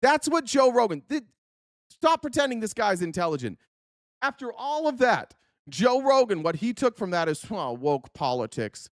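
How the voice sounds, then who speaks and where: A man's voice: very high-pitched, big pitch swings, moderate pace, no room sound, clean studio sound. A man hosting a podcast, ranting angrily at clips he is reacting to, swearing and insulting often. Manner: angry, profane, insulting. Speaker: podcast host. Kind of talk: profane political rant reacting to clips.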